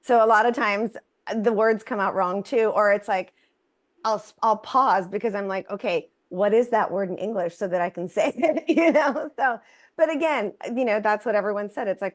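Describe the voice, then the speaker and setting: A woman's voice: medium pitch, moderate pace. A woman in her fifties from Texas, a native Spanish speaker, co-hosting a casual podcast chat and laughing often as she talks. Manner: laughs often, lively and self-deprecating. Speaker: co-host.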